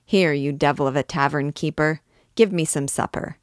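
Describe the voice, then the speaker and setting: A woman's voice: sits low, normal speed, no echo, studio quality, natural voice. A woman reading aloud, voicing a brash, drunken young male student who boasts and swaggers. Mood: boisterous. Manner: boisterous, swaggering speech.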